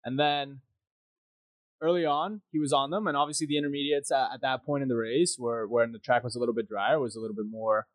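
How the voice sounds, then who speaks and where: A man's voice: medium pitch, steady tone, fast talker, hardly any pauses, no room sound. A man co-hosting a casual racing podcast, rambling and jokey, sometimes slipping into silly voices. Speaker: podcast co-host. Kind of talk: casual chat.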